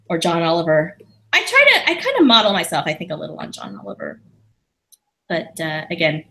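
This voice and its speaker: A woman's voice: on the low side, fairly bright tone. A woman guest on a podcast, chatting casually and self-deprecatingly, with lots of restarts. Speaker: podcast guest, lawyer and comedian. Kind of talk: casual conversation.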